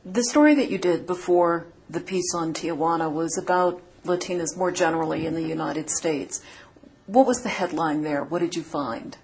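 A woman interviewer on the radio, asking direct, brisk questions. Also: sits low, darkish tone, a little hiss or hum.

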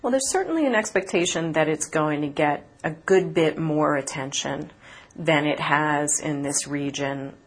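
A woman reporter answering interview questions in an articulate, measured way, with occasional fillers. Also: deep voice, slightly rough. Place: conference city, remote from host.

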